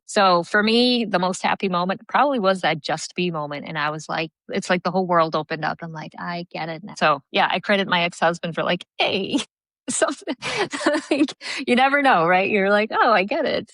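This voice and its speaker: A woman's voice: fairly low pitch, a bit bright, no echo, rough recording. A woman leadership coach in a remote podcast interview, telling stories earnestly with many fillers and restarts. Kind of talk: podcast interview, reflective storytelling.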